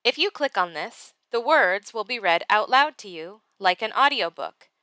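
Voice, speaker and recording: Brief: patient woman teacher, bright, clear voice, dry close sound, guiding a class step by step. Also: medium pitch, animated, no room sound. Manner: slow, patient step-by-step explaining. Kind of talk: classroom tutorial and read-aloud.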